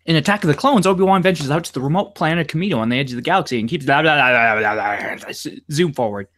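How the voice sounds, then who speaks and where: A man on a casual podcast, joking crudely and rushing through an article. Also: on the high side. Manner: crude, joking, rushed reading. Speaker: podcast guest. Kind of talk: casual podcast chat, speed-reading an article.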